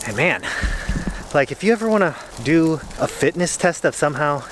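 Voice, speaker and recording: A man's voice: fairly high pitch, animated, moderate pace, background noise. Chatty, winded man on a golf course. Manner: chatty, self-deprecating. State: slightly out of breath. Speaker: golf vlogger. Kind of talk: casual talk to camera while golfing. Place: outdoor golf course in cold weather.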